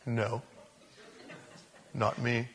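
A man voicing a frightened grown man who flatly denies everything in a retold scripture scene during a sermon. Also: a little high, measured pace, a little hiss or hum, full character voice. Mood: defensive.

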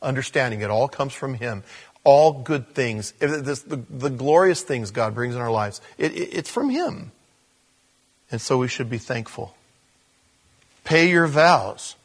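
A man preaching a conversational sermon as a pastor, with animated bursts. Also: medium pitch, a little slow, long pauses, slightly rough.

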